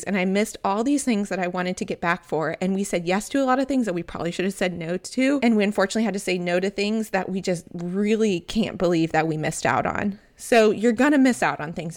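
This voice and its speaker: Chatty Southern American woman podcaster. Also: on the low side. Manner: chatty, candid, animated storytelling. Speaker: podcast host. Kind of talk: casual solo podcast talk.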